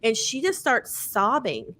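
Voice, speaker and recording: A woman hosting a podcast gushes about books in a loose, chatty way, packing her sentences with "like" and "um" and swearing casually. Her storytelling is animated and excited. Her voice is bright and forward, a little high, and she speaks a little slowly.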